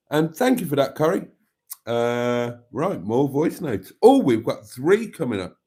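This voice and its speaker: A man's voice: mid-range voice, sing-song, takes it slowly, dark tone. A man hosting a casual live stream, rambling and self-mocking and laughing easily.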